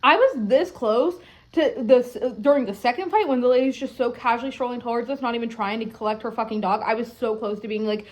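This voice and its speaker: A young adult woman vlogging at home, telling a story in a rambling, animated way, full of filler words and frequent swearing. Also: fairly high pitch, fast talker. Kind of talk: casual storytelling to camera.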